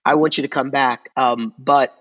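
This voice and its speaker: A man who owns a record store, talking casually and haltingly, with many restarts and fillers. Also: mid-range voice, steady tone, a bit bright, dull audio. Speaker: record store owner, podcast guest. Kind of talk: casual conversation.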